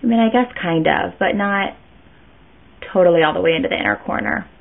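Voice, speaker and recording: A woman's voice: lowish voice, a little fast, gravelly. Chatty woman, tinny lo-fi sound. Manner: chatty, rambling, self-interrupting. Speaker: beauty vlogger. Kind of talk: casual makeup tutorial.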